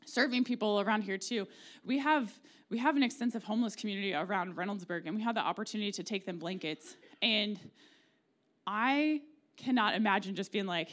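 A woman's voice: medium pitch, a little fast, a bit bright. A woman in her forties with an American Midwestern accent, preaching a conversational, humorous sermon in a church. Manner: conversational and humorous, acting out quoted prayers. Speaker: pastor. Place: church sanctuary.

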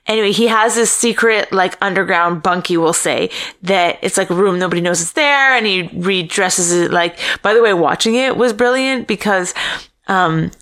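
A woman in casual podcast chat, retelling a film in a rambling, animated way with many fillers and swearing. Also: mid-range voice, moderate pace.

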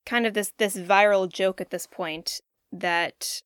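Brief: woman co-host, giggly and halting, mid pitch, very dry sound. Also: fairly even intonation, fairly bright tone, smooth, dry recording. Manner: giggly, hesitant, lots of um and like. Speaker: podcast co-host. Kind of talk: casual chat.

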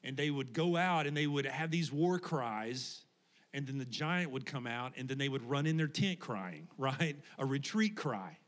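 Guy pastor in his 30s preaching to a church, laid-back storytelling, laughs a lot, mid pitch. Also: moderate pace. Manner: conversational, animated storytelling with laughs. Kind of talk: sermon with personal stories. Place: church sanctuary before congregation.

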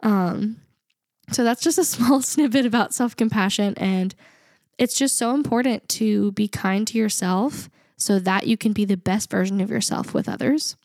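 A woman's voice: medium pitch, moderate pace, darkish tone, no room sound, clean studio sound. A young adult woman co-hosting a podcast, talking in an earnest, reflective way and laughing often. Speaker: podcast co-host. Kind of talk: casual podcast chat.

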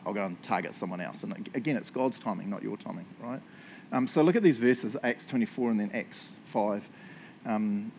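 A man's voice: on the low side, darkish tone, a little hiss or hum. A man preaching a casual sermon, joking often and asking "right?" after points. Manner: chatty, joking, tag questions. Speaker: pastor.

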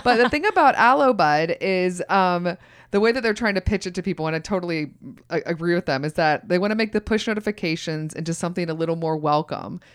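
Smooth-voiced chatty woman podcaster. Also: lowish voice, expressive, fast talker. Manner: chatty, giggly, filler-heavy. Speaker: podcast co-host. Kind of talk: casual podcast chat.

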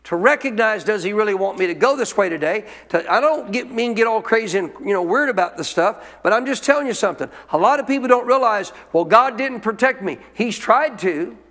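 A man's voice: sits high, expressive, a little fast, few pauses, fairly bright tone, in a large hall. A male pastor preaching a sermon in a conversational way, often asking the congregation questions.

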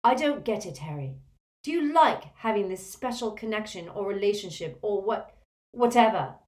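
An earnest teenage girl, voiced by a woman narrator, scolds and presses her point in a lifted, lively voice. The storybook delivery stays urgent. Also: medium pitch, moderate pace, echoey room, voice pushed up, lightly acted. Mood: insistent. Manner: insistent, scolding.

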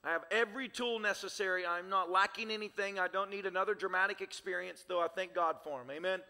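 A man preaches with fervor, his high, bright voice carrying a gravelly edge. He builds his points in rhythmic, repeated phrases. Every word echoes through a large church hall. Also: steady tone, fast. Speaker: pastor. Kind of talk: sermon. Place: church sanctuary.

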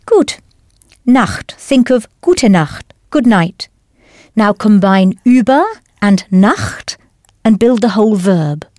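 A woman's voice: medium pitch, expressive, takes it slowly, darkish tone, no echo. Patient woman teaching in a dry studio. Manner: clear, patient, encouraging. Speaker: language teacher. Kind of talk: scripted language lesson narration.

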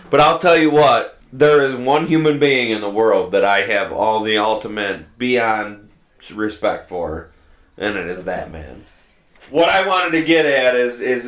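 A man hosting a farming podcast, telling stories in a casual, swear-heavy way. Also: fairly low pitch. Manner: profane, animated storyteller. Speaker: podcast host and farmer. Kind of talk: casual storytelling chat. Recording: roomy echo.

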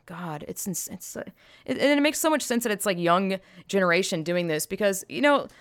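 A woman's voice: mid-range voice, animated, moderate pace, clear, resonant tone, dry recording, clean studio sound. A woman giving a casual opinion monologue, blunt and profane, emphatic, with frequent sighs. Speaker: vlogger.

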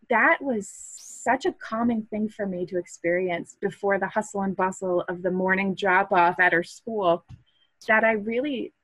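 A woman's voice: medium pitch, no echo, poor audio. Podcast guest: thirties woman, from Massachusetts, earnest and reflective, dry close mic. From Massachusetts, USA. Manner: earnest, reflective, with restarts and soft laughs. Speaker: podcast guest, hobby photographer. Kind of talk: casual interview chat.

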